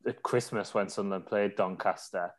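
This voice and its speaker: A man's voice: fairly low pitch, steady tone, moderate pace, crowd noise. Chatty English man hosting a football podcast. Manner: chatty, laughs often, swears casually. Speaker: podcast host. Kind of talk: casual football podcast chat.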